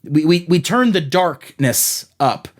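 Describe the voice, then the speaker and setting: A man's voice: on the high side, lively intonation, slow pace. A man hosting a podcast, telling a rambling, self-deprecating comic story about his own childhood. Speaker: podcast host. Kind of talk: comedic monologue.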